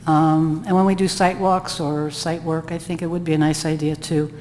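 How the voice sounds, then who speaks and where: Woman reporting at a town meeting, lots of ums, low monotone voice, faint room noise. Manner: halting, many ums, slow and hesitant. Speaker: trail adopter volunteer coordinator. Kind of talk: committee meeting discussion. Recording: distant room mic, echoey hall, faint noise.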